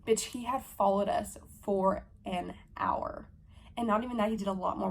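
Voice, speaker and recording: A young woman in her twenties telling a story to camera in a fast, profane, animated vlog style, acting out her own heated lines. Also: mid-range voice, vocal fry, slight background noise. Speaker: vlogger. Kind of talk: storytime vlog, casual chat.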